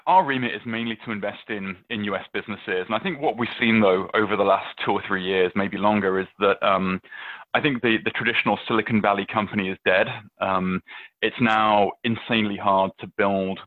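A British man with a lowish voice tells stories casually, full of "um" and "you know" and restarted phrases. The sound is dry and thin, squeezed through a phone-like line. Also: fairly quick, dry recording. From England. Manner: chatty, many fillers and restarts, storytelling. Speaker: venture capitalist guest. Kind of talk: casual interview answers.

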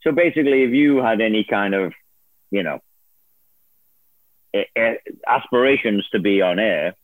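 A guest in a casual interview, a former producer who became an on-air host, tells a story in an expressive, lowish voice at normal speed. He laughs often and mimics other people's voices, heard over a dry, tinny phone-like line with no echo.

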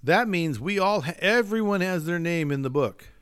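A man's voice: high voice, expressive, normal speed, clean tone. A man who is a pastor, talking earnestly and emphatically in a casual faith discussion, slipping into a preaching tone.

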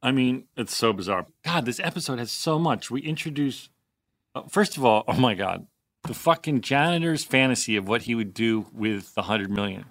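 A man's voice: medium pitch, fairly bright tone, no room sound. Casual chatty man, dry close mic. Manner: rambling, profane, quick asides. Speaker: podcast co-host. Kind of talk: casual rewatch chat.

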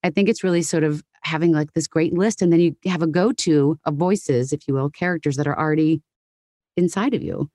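Low-voiced woman, lively voice actor. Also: dry recording, studio quality. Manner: animated, quick to slip into voices and impressions. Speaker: guest voice actor. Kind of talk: casual interview chat.

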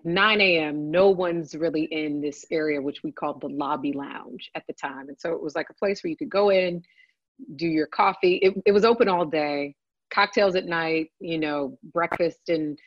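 A woman telling a lively story in casual chat, swearing freely and adding chatty asides. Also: low voice, normal speed, no echo, muffled recording. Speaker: podcast guest, works on a TV set.

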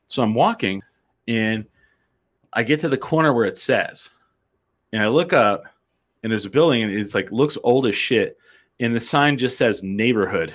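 A man's voice: mid-range voice, expressive, moderate pace, long pauses. A man from New Mexico hosting a casual chat, telling a rambling, profane story and laughing often. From New Mexico, USA.

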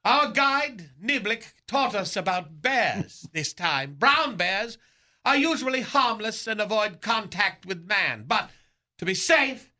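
A man's voice: high voice, expressive, slow, bright, forceful tone, full character voice. A man playing a pompous aging male movie star in a radio comedy sketch, with grandiose, theatrical, old-fashioned diction.

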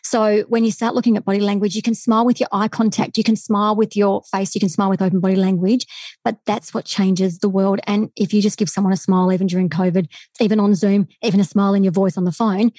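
A woman's voice: mid-range voice, no echo. A woman, a body language expert, telling a story with energy as a guest over a remote call. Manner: fast, enthusiastic, animated storyteller. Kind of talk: storytelling podcast interview.

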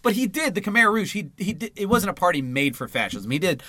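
A man's voice: high-pitched, big pitch swings, fairly quick, sharp tone, no echo. A man co-hosting a podcast, reading a political text aloud and breaking off into profane, casual asides. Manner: swears freely and breaks into asides mid-reading. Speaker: podcast co-host.

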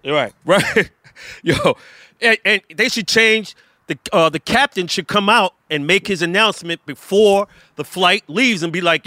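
A man's voice: high-pitched, expressive, unhurried, sharp tone, dry recording, clean studio sound. A man co-hosting a podcast in casual chat, blunt and slangy, repeating words when he presses a point. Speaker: podcast co-host.

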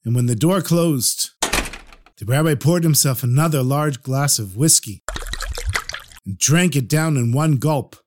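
A man narrating a story in an animated, expressive way, explaining terms as he goes. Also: mid-range voice, a little slow, long pauses, slight background noise.

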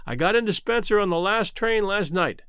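A man's voice: high-pitched, expressive, normal speed, a bit bright, smooth, no echo, studio quality. A man voicing a sober, earnest young brother home from the north.

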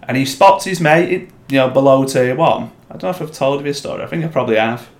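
A man co-hosting a podcast, telling stories in a casual, animated way. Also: mid-range voice, quick pace, echoey room. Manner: animated storyteller, shouts when acting out others. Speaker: podcast co-host. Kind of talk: casual chat.

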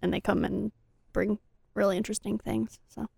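A woman's voice: medium pitch, flat delivery, normal speed, gravelly, darkish tone, breathy edge, no room sound, studio quality. A female medical student on a podcast, chatty and filling gaps with "like". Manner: chatty, lots of "like". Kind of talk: casual podcast chat.

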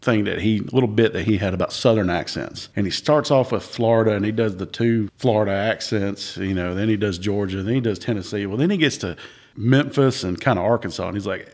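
A man co-hosting a casual chat, telling lively stories and mimicking people. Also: fairly low pitch, fairly quick. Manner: lively storyteller, mimics voices. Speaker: podcast co-host.

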